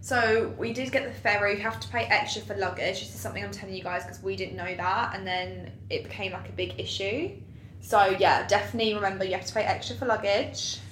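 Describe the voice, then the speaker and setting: A woman's voice: mid-range voice, steady tone, quick pace, fairly bright tone, slight background noise. A young woman co-hosting a podcast, talking casually and emphatically, giving travel advice. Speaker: podcast co-host. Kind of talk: casual chat. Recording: echoey room, faint ambience.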